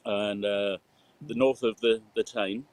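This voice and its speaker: A man from Newcastle with a softened Geordie accent, a guest telling stories in a rambling, casual interview over a video call. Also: fairly low pitch, steady tone, a little slow, no room sound, rough recording. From Newcastle, England. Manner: rambling storyteller, laughs and fillers. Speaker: guest, sound engineer.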